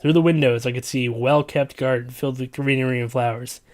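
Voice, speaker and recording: A man's voice: mid-range voice, steady tone, quick pace. A man reading a comedic story aloud in a dramatic, stumbling way. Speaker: reader.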